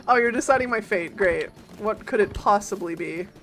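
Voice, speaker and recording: A woman streamer giving casual, chatty gameplay commentary, reacting loudly and talking to her chat and her game's followers. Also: medium pitch, animated, moderate pace, a little hiss or hum.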